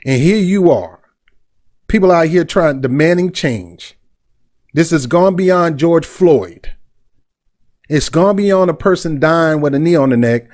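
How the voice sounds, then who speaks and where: A man's voice: a little high, lively intonation, a little slow, long pauses, a little mellow. A middle-aged man hosting a commentary vlog, blunt and indignant, with street slang. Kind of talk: heated commentary.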